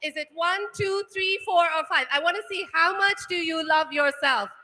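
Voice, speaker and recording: A woman's voice: very high-pitched, moderate pace, sharp tone. A woman giving a motivational talk to students, firing off rhetorical questions and checking in with "right?" after each point. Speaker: workshop speaker. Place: large hall. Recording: echoey hall.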